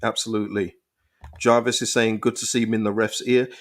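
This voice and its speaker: A fairly low-voiced young man from England, hosting a football live stream. He reads viewers' comments aloud and answers them in an animated way, often stumbling over his words and repeating himself as he thinks aloud. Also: fairly quick. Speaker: football channel host reading live chat.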